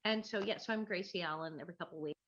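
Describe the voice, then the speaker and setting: A woman's voice: lowish voice, racing, fairly bright tone. Brief: woman comedian, chatty and self-deprecating, lo-fi home video call sound. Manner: chatty, self-mocking, restarts often. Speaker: guest, actor and comedian. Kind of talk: casual video chat. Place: her living room at home.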